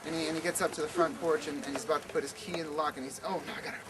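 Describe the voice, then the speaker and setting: Animated campfire storyteller, man. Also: on the high side, rapid-fire. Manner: animated, repetitive, stammering restarts. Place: outdoor campfire at night. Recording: noisy outdoor camp recording.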